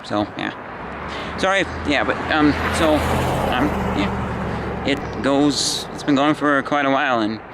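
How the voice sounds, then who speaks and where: A man in his twenties telling a personal story in a halting, meandering way, tired and full of restarts. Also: medium pitch, heavy background noise. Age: 20s. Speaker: vlogger. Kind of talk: rambling personal vlog.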